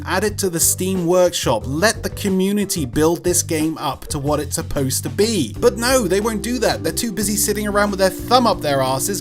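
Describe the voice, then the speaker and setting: Dude ranting about a game, kinda high voice, sarcastic and sweary, music playing under. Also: male voice. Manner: sardonic and sweary, builds into shouted rants. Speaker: game reviewer. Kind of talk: sarcastic game review voice-over.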